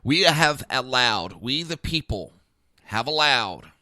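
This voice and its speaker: A man's voice: medium pitch, big pitch swings, slow, sharp tone, dry recording, clean studio sound. A man hosting a podcast, delivering a blunt, profane political monologue full of rhetorical questions. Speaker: podcast host. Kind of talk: opinionated political commentary monologue.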